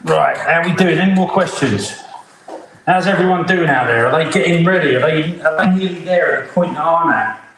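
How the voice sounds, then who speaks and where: A man's voice: a little high, moderate pace, over a noisy crowd. A middle-aged man hosting a live online cookalong as a chef, chatty and upbeat as he talks while cooking in his home kitchen. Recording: very echoey room, faint noise.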